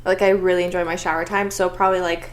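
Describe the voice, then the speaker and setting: A woman's voice: lowish voice, level tone, fast, slight background noise. A young woman co-hosting a podcast, blunt and sarcastic, swearing freely in casual chat. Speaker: podcast co-host.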